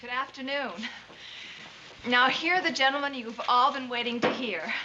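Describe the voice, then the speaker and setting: An actress playing a calm, reasoning young nurse in a 1960s sitcom. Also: female voice, sits high, natural voice. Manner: reasoning, reassuring, brisk. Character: calm young female nurse, level-headed. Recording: dull 1960s TV audio with hiss.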